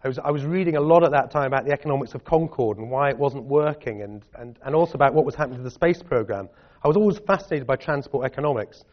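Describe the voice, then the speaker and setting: At a public talk and Q&A, a middle-aged guest speaker from Scotland fields audience questions, chatty and self-deprecating. He talks fast in a mid-range voice, and the recording is dull and lo-fi.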